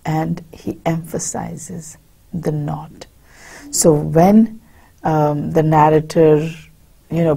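A woman giving a university literature lecture, reading passages aloud and explaining them in a slow, hesitant way with many fillers. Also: sits low, gravelly, dark tone, breathy edge.

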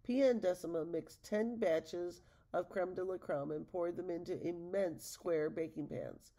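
A woman reading a picture book aloud to listeners, in a gravelly voice. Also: on the low side, measured pace, warm tone. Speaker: storybook reader.

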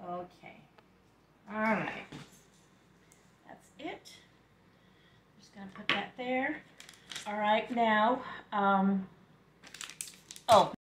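A woman's voice: mid-range voice, extremely slow, long pauses. A woman hosting a casual home cooking video, chatty and laughing often, talking straight to her viewers. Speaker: home cooking show host. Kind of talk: casual cooking demo chat. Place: home kitchen. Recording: echoey kitchen with faint noise.

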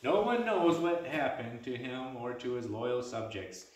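A man voicing a spirited young tavern girl who talks briskly and bossily, with old-style turns of speech like "ye". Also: mid-range voice, lightly acted. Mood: earnest. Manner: brisk, bossy, uses old-style "ye" and "me mum". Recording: echoey room, mic at a distance.

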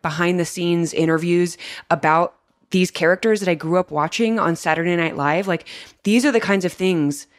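A young female podcast host with a low voice, gushing and rambling with excitement. She talks over a video call in casual, chatty bursts. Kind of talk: casual interview chat.

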